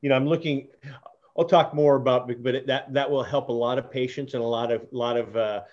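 A man's voice: mid-range voice, fairly even intonation, a little fast, darkish tone, dull audio. A man hosting an interview, telling a long personal story in a casual, earnest way with frequent restarts and fillers. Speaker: podcast host.

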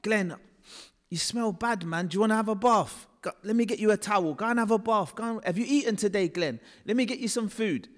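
A man putting on a poor, worn-out mother who pleads and sighs through hard times, her voice fairly high. The words ring out with a long tail of reverb from a large hall. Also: a little fast, natural voice. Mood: kind, coaxing. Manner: pleading, tired.

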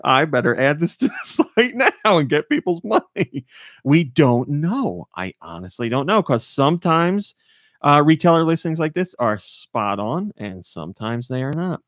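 Chatty man with a lively voice. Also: medium pitch, no room sound, clean studio sound. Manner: chatty and rambling, with frequent fillers. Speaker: podcast host. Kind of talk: casual chat.

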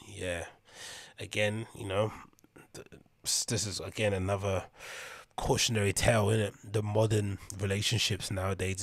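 Wry low-voiced man podcasting. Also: fairly bright tone, no echo. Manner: wry, rambling, laughs at what he reads. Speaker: podcast host. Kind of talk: casual commentary reading news aloud.

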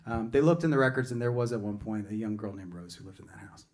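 A man's voice: fairly low pitch, quick pace, a little mellow. A singer-songwriter, a man, telling a rambling, joking story between songs on a music venue stage. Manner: chatty and digressive, self-interrupting, joking. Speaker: singer-songwriter performing live.

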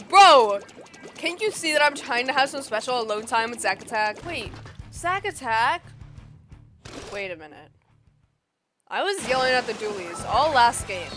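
A woman giving gameplay commentary, excitable and playful, bursting into mock-angry outbursts. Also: a little high. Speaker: gamer. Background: game music.

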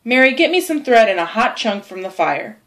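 A woman voicing a stern, soft-hearted older aunt who scolds briskly. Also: a little high, sing-song. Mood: scolding.

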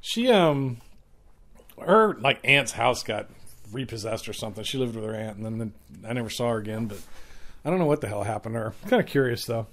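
A man's voice: mid-range voice, lively intonation, a little fast, a bit bright. A man hosting a podcast, telling a story in a rambling, profane, laid-back way. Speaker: podcast host. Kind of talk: casual storytelling.

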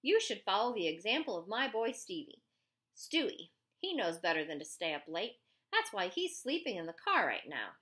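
A woman voicing a stern, suspicious small-town policeman who barks his lines loudly, in an audiobook. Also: medium pitch, sing-song, normal speed. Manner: barking, suspicious, loud.

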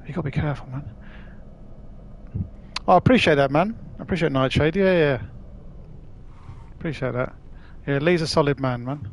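A man's voice: on the high side, moderate pace, vocal fry, long pauses, slight background noise. A man chatting casually on a live stream while playing, laughing often and swearing freely.

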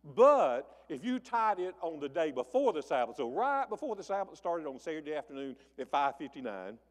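A man's voice: sing-song, normal speed, big-room sound. A man preaching a sermon, telling the story in a folksy way and acting out the voices of the people in it. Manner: folksy storytelling, acting out voices with big swings in pitch and volume. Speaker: pastor. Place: church sanctuary.

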